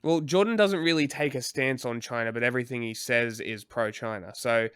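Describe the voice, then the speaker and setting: A man co-hosting a livestream, chatting bluntly and laughing often. His voice is smooth and resonant, with dry close sound. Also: mid-range voice, a little fast, a bit bright, no echo. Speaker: livestream co-host. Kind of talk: casual chat.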